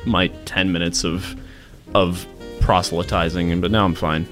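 A young man hosting a college radio show, chatting casually and excitably with his co-host in the studio. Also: sits low, normal speed, over music. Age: young adult. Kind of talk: casual on-air chat.

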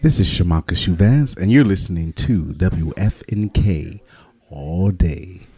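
A man's voice: sits low, unhurried, warm tone, slightly rough. A man recording station drops in a radio studio, stumbling on names and laughing often. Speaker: guest artist. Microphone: studio mic with headphones.

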